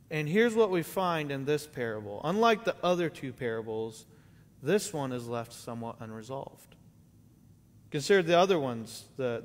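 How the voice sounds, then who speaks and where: A man's voice: medium pitch, in a large hall. A man preaching a sermon in a church, talking casually and often adding "right?" and "like" as he goes. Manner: conversational preaching, many "right?" and "like" asides. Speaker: pastor. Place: church sanctuary.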